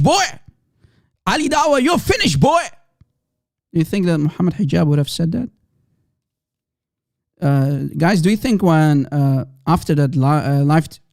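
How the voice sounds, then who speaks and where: A man hosting a livestream, reacting to clips with laughing, excitable, mocking asides to viewers. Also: a little high, no room sound, studio quality. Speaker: livestream host. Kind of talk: live reaction commentary.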